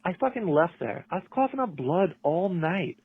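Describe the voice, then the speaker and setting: A man voicing a crude, brash woman caller who is hoarse and wheezy. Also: high-pitched, big pitch swings, normal speed, exaggerated voice. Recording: tinny phone voicemail.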